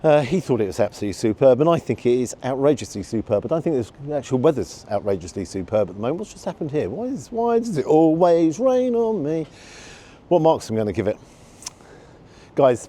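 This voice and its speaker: A man reviewing a restaurant meal in a casual vlog, talking excitedly and repeating his exclamations. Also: medium pitch. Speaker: food vlogger. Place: restaurant, then outdoors in the street.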